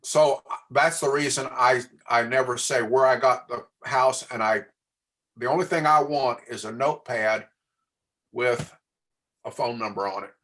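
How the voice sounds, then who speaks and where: A man's voice: mid-range voice, measured pace, fairly bright tone, slight background noise. A man teaching a real estate class, coaching in a plain way and often asking the class questions. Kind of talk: training class talk.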